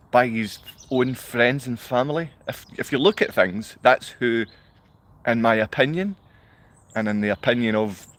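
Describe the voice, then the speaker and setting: A Scottish man ranting in a rambling monologue to a live online audience. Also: mid-range voice. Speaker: livestreamer.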